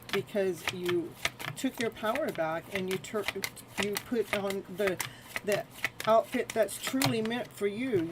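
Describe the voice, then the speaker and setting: A woman's voice: on the low side, very noisy. A woman hosting a live tarot stream, repeating soothing spiritual phrases and chatting with viewers between cards. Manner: laughs often and chats with viewers.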